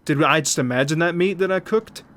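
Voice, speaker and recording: A man's voice: on the high side, fairly quick, a bit bright, slight background noise. A young man hosting a gaming channel, reading horror game text aloud dramatically and reacting in asides. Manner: reads narration dramatically, then reacts in asides.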